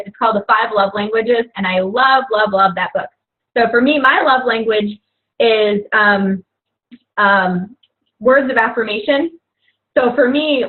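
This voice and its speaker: A young woman coach talking casually and earnestly to fellow coaches, rambling with lots of "you know" and "like". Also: fairly high pitch. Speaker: fitness coach. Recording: tinny phone-like audio.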